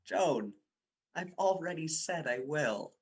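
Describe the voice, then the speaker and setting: A man's voice: on the high side, animated, slow pace. A young man playing a persuasive male university student who coaxes and teases his girlfriend in a radio drama. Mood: tender. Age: young adult. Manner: coaxing, teasing, insistent. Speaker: boyfriend Dick. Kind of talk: amateur radio drama acting.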